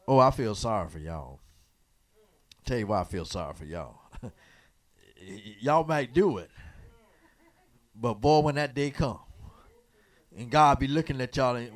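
A man preaches in a sanctuary, teaching from the Bible call-and-response style. His voice sits high and swings widely in pitch. He teases the congregation and keeps prompting them to answer. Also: big pitch swings, unhurried, long pauses. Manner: asks the congregation to fill in words, teasing and preacherly. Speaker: pastor. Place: church sanctuary.

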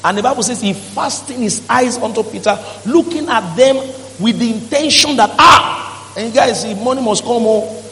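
A man's voice: extremely high pitch, normal speed, sharp tone. A male pastor, preaching emphatically and acting out quoted voices in a church hall. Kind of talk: sermon.

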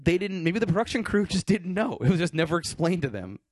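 A man with a fairly high, lively voice talks fast on a podcast, sounding incredulous and tossing in "like" and the odd curse. The sound is dry and close, with no room around it. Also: dry recording. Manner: animated, incredulous, swearing, filler-heavy. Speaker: podcast co-host. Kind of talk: casual chat.

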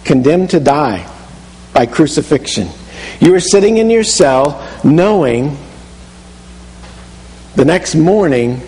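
A man's voice: on the high side, a little mellow, in a large hall, rough recording. A man preaching a sermon, telling a story vividly in the second person and often restarting his phrases. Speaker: pastor.

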